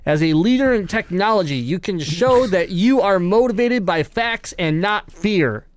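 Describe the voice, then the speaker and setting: Chatting loosely and laughing between jokes, this male podcast host has a slightly high, expressive voice and speaks at normal speed. He reads out quotes casually and offhandedly, in dry, close audio with no room sound.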